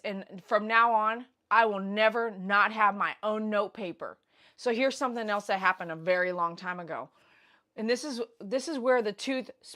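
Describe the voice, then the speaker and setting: A woman hosting a casual livestream, telling a story in an animated, blunt, slangy way with loud bursts. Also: medium pitch. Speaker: pet groomer host. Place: grooming shop.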